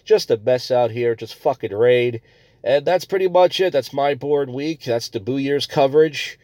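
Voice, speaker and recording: A man's voice: mid-range voice, normal speed, a little mellow, no room sound. A man hosting a comedy podcast, ranting crudely and rambling between stories. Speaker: podcast host.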